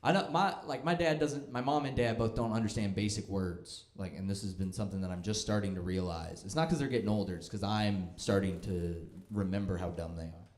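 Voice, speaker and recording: A man's voice: on the low side, brisk, few pauses, darkish tone. A young man doing a stand-up comedy set, with a dry, self-deprecating and mocking delivery. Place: comedy club stage. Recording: echoey club room.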